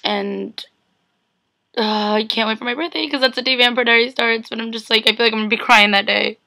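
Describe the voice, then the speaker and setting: Tearful young woman vlogging, bright voice. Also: fairly high pitch, fairly even intonation, brisk, creaky. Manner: tearful, rambling, full of "like" fillers. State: teary, on the verge of crying. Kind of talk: emotional casual vlog.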